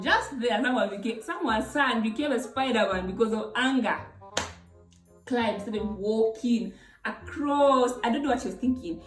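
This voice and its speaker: A young woman from Zambia with a Zambian English accent, telling a story in an animated, exclamatory way for her vlog. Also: a little high. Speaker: YouTuber. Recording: roomy, distant mic, faint music.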